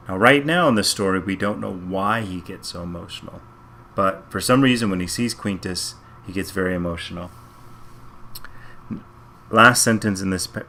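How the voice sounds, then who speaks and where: A man with a lowish, sharp voice teaches Latin, working through a reading passage sentence by sentence in a slow, step-by-step translation walkthrough. He thinks aloud methodically, and there's a little hiss or hum.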